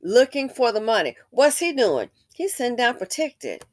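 A woman's voice: on the high side, very animated, normal speed, no echo, studio quality. A woman host giving casual commentary on a commercial, emphatic and repeating her points with rhetorical questions.

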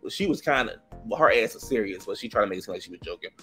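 Animated gossipy man with a DMV accent. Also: very fast, soft background music. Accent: DMV (Washington DC area). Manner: animated and gossipy, laughing often, big jumps in pitch when acting out others. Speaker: reality TV recap host. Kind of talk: casual chatty episode review.

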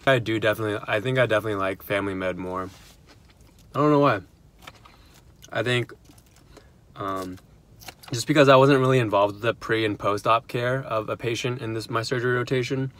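Laid-back low-voiced young man vlogging. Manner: relaxed, rambling, filler-heavy. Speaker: physician assistant student vlogger. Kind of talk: casual vlog chat. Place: car and home. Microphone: phone held at arm's length.

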